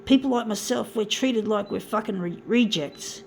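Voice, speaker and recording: A woman's voice: medium pitch, normal speed, vocal fry, a little hiss or hum. A woman ranting angrily to her viewers, swearing and repeatedly calling them "folks.". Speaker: vlogger. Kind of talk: ranting monologue to camera.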